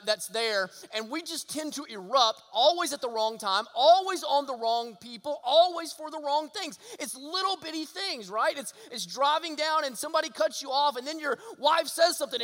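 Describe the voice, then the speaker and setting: A male pastor delivers an earnest sermon in a very high voice that is bright and forceful. He keeps turning to the congregation with rhetorical questions. A long hall reverb trails after his words.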